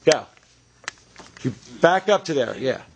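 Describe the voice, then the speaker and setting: A man's voice: medium pitch, animated, vocal fry, slight background noise. Man directing actors on a film set. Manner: quick instructions, encouraging, restarts.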